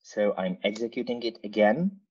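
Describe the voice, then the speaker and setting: A man's voice: on the low side, normal speed, a little mellow, husky, dull audio. A man giving a technical talk over a screen share, casual and full of fillers and playful asides. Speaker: conference speaker.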